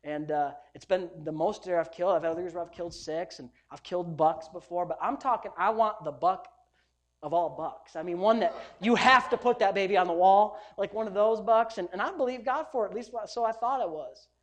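A man, a pastor preaching a sermon, telling stories with loud bursts and hushed asides. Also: high-pitched, a little fast. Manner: animated storytelling, swings between loud bursts and hushed asides.

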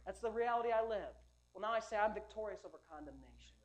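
A man preaching a sermon as pastor, emphatic, swinging between loud urging and quiet storytelling, often repeating words and restarting sentences. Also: high voice, expressive, quick pace.

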